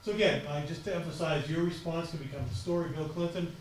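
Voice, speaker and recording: A man giving a conference talk on crisis communications, speaking fast and passionately. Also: fairly high pitch, slight background noise. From United States. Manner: fast, passionate, animated delivery. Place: auditorium. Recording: echoey auditorium from far off.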